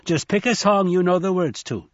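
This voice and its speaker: A man's voice: sits high, normal speed, dry recording, voice pushed up, lightly acted. A man voicing a jovial, pushy old male trickster god who teases and coaxes in a raised voice. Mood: teasing. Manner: teasing, coaxing. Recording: slightly dull dry recording.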